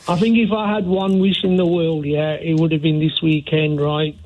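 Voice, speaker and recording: A male caller with a Black Country accent talks on a radio phone-in, his voice pitched a touch high. He comes through a narrow, tinny phone line. He keeps asking "yeah?" and "right?" as he goes. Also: little pitch movement, normal speed, darkish tone. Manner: chatty, repeats "yeah?" and "right?". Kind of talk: phone-in call.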